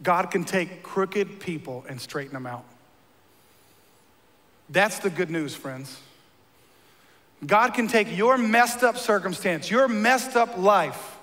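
A man with a high, forceful, bright voice preaches in a church, and long reverb rings behind him. He moves between easy, joking conversation and emphatic, punchy lines. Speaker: pastor. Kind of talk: sermon.

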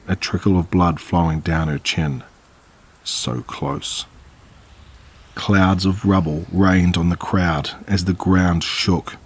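Male horror narrator, low, husky voice, dramatic delivery.

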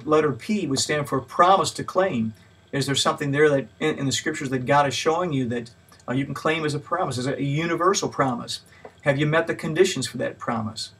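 A man's voice: medium pitch, fairly bright tone, slightly rough, recorded from a distance. A man giving a mini lecture on Bible study in a plain, patient teaching manner, with frequent fillers and extra stress on each point he lists. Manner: stresses key words when listing points.

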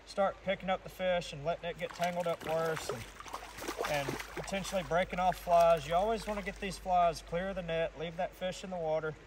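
Man explaining fly fishing by a rushing creek. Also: sits high, steady tone, background noise. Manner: easygoing, instructive, talks while casting. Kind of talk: casual how-to commentary while fishing. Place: outdoors wading a stream. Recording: distant outdoor mic with rushing stream. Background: loud flowing water.

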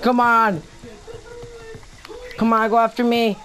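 A man doing loud, taunting commentary while playing a horror game. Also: very high voice, level tone, slow pace. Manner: loud, taunting, trash-talking. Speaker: gamer. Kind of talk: gameplay commentary. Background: game music.

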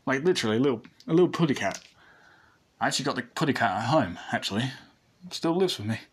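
A laid-back blind teenage boy, as a man reading a fan story puts him on, rambling and correcting himself in a relaxed, husky voice. It sounds like the reader's own everyday speech. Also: medium pitch, fast talker. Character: blind teenage boy, easygoing, fond of his friend.

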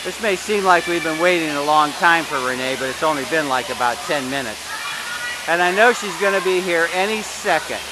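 A man's voice: a little high, animated, brisk, very noisy. A man filming a child at an outdoor water park on a handheld camera, chatting and teasing playfully. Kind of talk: casual home video narration. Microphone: handheld camera mic.

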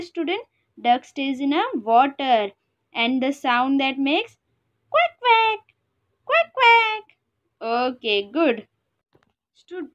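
A high-pitched woman teacher with an Indian English accent talks slowly and carefully to young pupils. She spells words out letter by letter and squeaks or quacks to imitate the animals. The recording sounds a little dull and lo-fi. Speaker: schoolteacher. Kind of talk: classroom lesson for young children.

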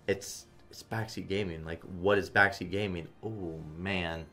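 A man commenting casually on a slot game stream, swearing a lot and swinging between flat muttering and loud outbursts. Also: sits low, measured pace, faint music behind.

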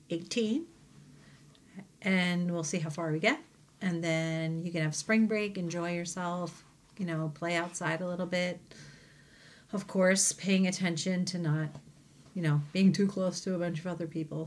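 A woman teacher reading a children's novel aloud to her class, with gentle, chatty asides between passages. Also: on the low side. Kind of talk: storybook read-aloud.

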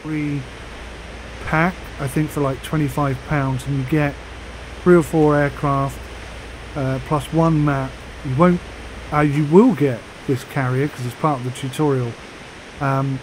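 A man chatting casually on a flight sim vlog, rambling with fillers and pausing through the hiccups. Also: fairly high pitch, fairly even intonation, darkish tone, slight background noise, low-quality recording. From United Kingdom.

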